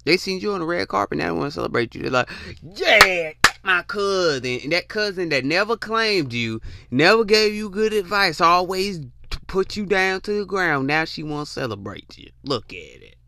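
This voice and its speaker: Young guy ranting, cussing and slangy, kinda high voice, dry close mic. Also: big pitch swings, a little fast, gravelly, sharp tone, no echo. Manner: blunt, profane, slangy, repeats himself for emphasis. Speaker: podcast host. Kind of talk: casual monologue rant.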